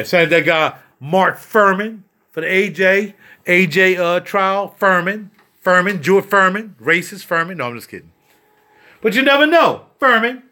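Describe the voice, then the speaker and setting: A man with a high-pitched voice talks straight to his viewers in his home recording studio. He rambles loosely and jokes, and he calls the viewers y'all. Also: fairly bright tone. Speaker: home studio owner showing his gear. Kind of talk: casual vlog tour.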